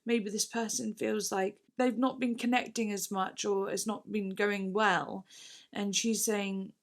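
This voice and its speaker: A woman reacting to an album in a casual, gushing way, breaking off to read lyrics aloud and now and then letting slip a swear. Her voice sits at an ordinary middle pitch. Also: fairly even intonation, measured pace. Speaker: music reaction creator.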